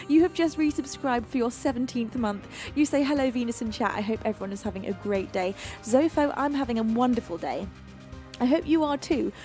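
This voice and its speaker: A woman from the UK hosting a live music stream, chatting warmly with viewers and laughing often. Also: sits high. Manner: gushing, affectionate, laughs often. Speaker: live-stream singer host. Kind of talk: casual chat reading out chat messages.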